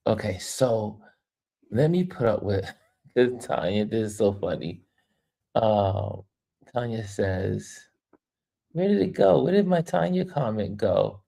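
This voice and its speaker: A woman from New York hosting a travel livestream, telling stories in a casual, animated way and laughing often. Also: extremely low pitch, vocal fry. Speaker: travel vlogger and livestream host.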